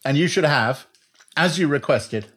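A man's voice: on the high side, animated, measured pace, fairly bright tone, husky. A man hosting a lunchtime interview, asking wry and probing questions in a chatty way. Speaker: interview host. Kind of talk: conversational interview.

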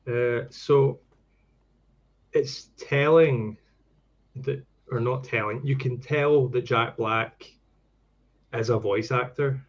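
A man's voice: medium pitch, slow, long pauses, a little hiss or hum. A man co-hosting a casual podcast chat, opinionated and full of fillers. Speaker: podcast co-host. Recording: dull lo-fi mic.

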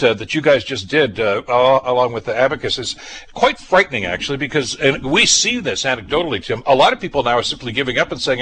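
Man, radio talk host, quick delivery, slightly husky voice. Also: mid-range voice, a bit bright, poor audio. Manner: brisk, conversational, frequent uh fillers.

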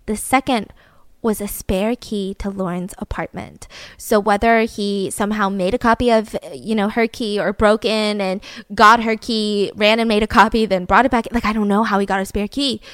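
A woman's voice: medium pitch, moderate pace, clear, resonant tone, no echo, clean studio sound. A young adult woman hosting a podcast, telling a true-crime story casually and animatedly, full of filler words. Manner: animated, heavy use of "like" fillers. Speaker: podcast host.

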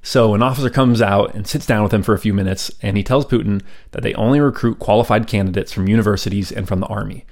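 A man's voice: on the low side, fairly even intonation, fast, gravelly, few pauses, a little mellow. A man hosting a history podcast, telling the story in a casual, conversational way with frequent ums and side remarks.

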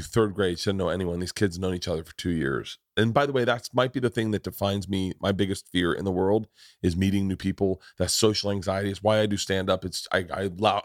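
A low-voiced man in his forties chats on a podcast, swearing freely as he tells his stories. He acts out the quotes with energy. The sound is dry and close. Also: dry recording. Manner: profane, animated storytelling with acted-out quotes. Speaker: podcast host. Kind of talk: casual chat, storytelling.

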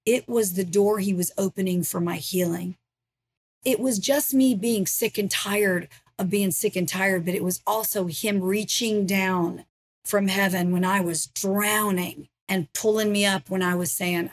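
A middle-aged woman recounts her personal testimony as an interview guest. Her pitch sits mid-range for a woman. She speaks in an earnest, emotional storytelling manner. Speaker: ministry founder, guest.

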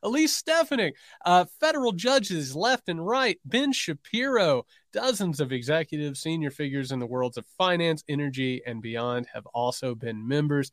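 Sarcastic male political podcast co-host, fairly high, animated delivery. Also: normal speed, hardly any pauses, no echo, studio quality. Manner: sarcastic, reads quotes aloud with mocking emphasis.

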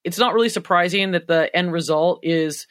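A woman from California, co-hosting a casual music chat, talking in chatty, jokey runs with quick asides and frequent laughter. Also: fairly low pitch. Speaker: podcast co-host.

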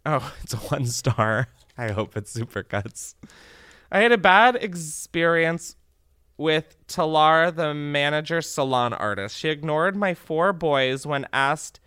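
A man's voice: on the high side, clear, resonant tone, no echo, studio quality. A young man hosting a podcast, chatting and joking sarcastically while reading reviews aloud. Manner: animated, sarcastic, swearing, laughing often. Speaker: podcast host. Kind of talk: casual comedic chat, reading reviews aloud.

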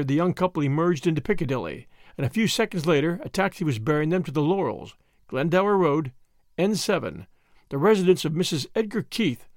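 A man reading a novel aloud as an audiobook narrator, expressive and measured. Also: on the high side, no echo, studio quality. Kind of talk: storybook reading.

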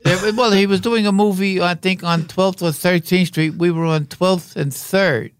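A man's voice: high voice, steady tone, moderate pace, clear, resonant tone, no echo. An older man, a veteran actor as interview guest, telling wry, rambling stories. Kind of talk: anecdotal interview talk.

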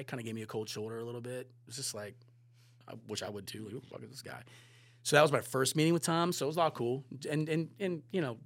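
A man's voice: mid-range voice, no room sound. Sex: man. Role: photographer guest on a podcast. Style: rambling casual storytelling that acts out quoted dialogue. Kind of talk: casual anecdote telling.

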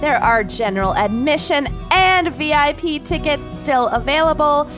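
Woman co-host, slightly high, giggly, music underneath. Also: moderate pace. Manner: laughing, plugging with gusto. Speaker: podcast co-host. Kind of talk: casual chat.

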